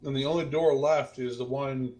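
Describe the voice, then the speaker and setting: A man playing a tabletop game, talking in a joking, relaxed way. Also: medium pitch, normal speed, over loud music, poor audio. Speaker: player. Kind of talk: casual tabletop play.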